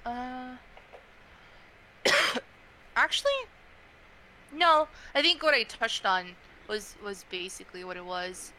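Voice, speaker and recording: A woman's voice: on the high side, slow, long pauses, a little hiss or hum, low-quality recording. A young woman being interviewed as a tarot reader, talking casually with lots of fillers. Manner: chatty, frequent fillers, animated quoting.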